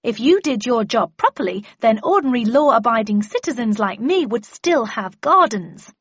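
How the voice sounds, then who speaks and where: A woman voicing an indignant middle-aged mother who shouts in outrage at the damage to her garden. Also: big pitch swings, a little fast, husky, no room sound, lo-fi sound. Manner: shrill, outraged exclamations.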